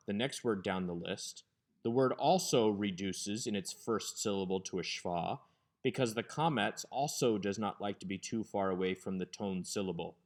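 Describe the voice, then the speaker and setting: Male lecturer, slightly low voice, patient slide-lesson narration that slows on key terms. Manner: patient, explanatory, spells out terms slowly. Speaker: Hebrew teacher. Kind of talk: recorded grammar lecture.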